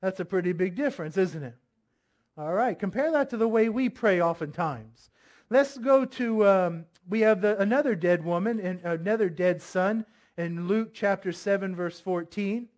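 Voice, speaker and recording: A man's voice: sits high, moderate pace, a little mellow. A man preaching a sermon, reading scripture aloud, firmly voicing commands and asking the congregation many questions. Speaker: pastor.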